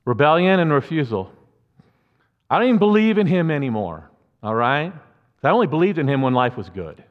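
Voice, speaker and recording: A man's voice: fairly high pitch, big pitch swings, fairly quick. A man preaching a sermon as pastor, conversational and earnest, with asides to the congregation. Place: church sanctuary. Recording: muffled church hall reverb.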